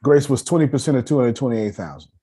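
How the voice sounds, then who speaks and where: A man with a husky, mid-range voice talks fast as he hosts an online personal finance meeting. He keeps it casual and animated, cracking jokes, calling on listeners, and restarting his sentences a lot in this loose teaching talk.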